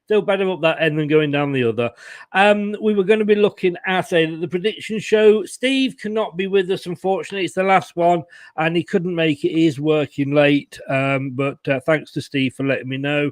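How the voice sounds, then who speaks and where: A man's voice: fairly high pitch, normal speed, dry recording. A man hosting a casual football fan show, jokey and teasing, laughing often. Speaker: host.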